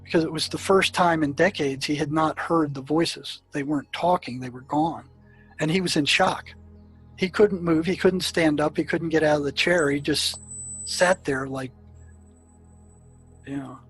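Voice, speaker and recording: An older man tells stories from his years as a psychiatrist, his voice a touch higher than most men's. He talks in loose runs full of fillers and restarts. Faint music plays quietly under the recording. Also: moderate pace, slightly rough, poor audio. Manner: anecdotal, many fillers and restarts. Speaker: psychiatrist telling his experiences. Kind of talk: storytelling in an interview.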